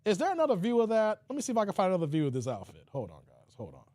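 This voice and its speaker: A man hosting a casual livestream, reading chat comments in an animated way, with stuttered repeats and frequent laughter. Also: sits high, very fast, no room sound. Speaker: livestream host.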